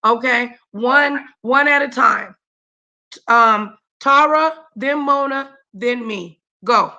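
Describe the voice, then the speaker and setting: A woman hosting a casual live talk show, quick to laugh and to steer who speaks. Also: on the high side, pushed and bright, muffled recording. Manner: laughs easily, directs the talk. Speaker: host.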